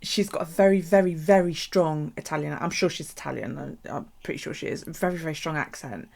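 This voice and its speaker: A woman's voice: sits low, brisk, vocal fry, darkish tone. A woman chatting casually while crafting on a live stream, rambling, swearing freely and laughing at herself. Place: home craft space.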